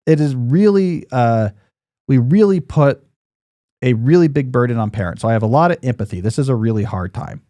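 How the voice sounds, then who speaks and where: A man's voice: medium pitch, expressive, brisk, dark tone, no echo, studio quality. A man in his forties hosting a podcast in casual chat, rambling and joking, with lots of fillers and restarts. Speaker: podcast host.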